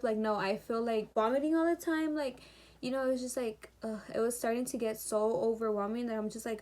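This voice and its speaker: A woman's voice: on the high side, steady tone, brisk, a little mellow. A seventeen-year-old girl telling a personal story in a chatty, emphatic vlog style full of fillers. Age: teens. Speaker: vlogger. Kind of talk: casual storytime.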